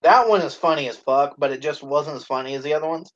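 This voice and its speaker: A man's voice: fairly high pitch, fast talker. Profane man chatting on a lo-fi stream. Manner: profane, laughing, acts out quoted lines loudly. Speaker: live stream co-host. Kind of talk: casual live stream chat.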